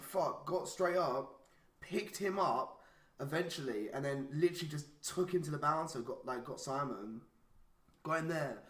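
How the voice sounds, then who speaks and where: Casually swearing through a story and dropping "like" constantly, this young podcast co-host has a mid-range, fairly bright voice. The recording takes place in an echoey room.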